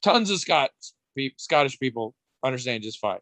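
Male co-host, mid pitch, dry close sound, rambling wry chat with restarts. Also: sing-song, normal speed, fairly bright tone, no room sound. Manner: rambling, self-interrupting, wry, swears casually. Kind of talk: casual chat.

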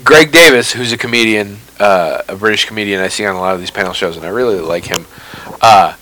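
Man, podcast co-host, casual chat, lively storyteller, bright voice. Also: fairly low pitch, fast, rough recording. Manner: animated storyteller, laughs often.

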